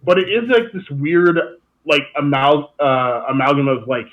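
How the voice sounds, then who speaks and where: A man's voice: on the high side, lively intonation, moderate pace, dull audio. A young man in casual chat with friends, insistent and cutting in. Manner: insistent, keeps interjecting.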